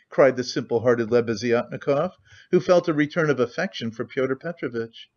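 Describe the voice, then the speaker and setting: A man's voice: mid-range voice, normal speed, darkish tone, dull audio. A man narrating a classic novel as an audiobook reader, telling the story steadily. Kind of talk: scripted narration.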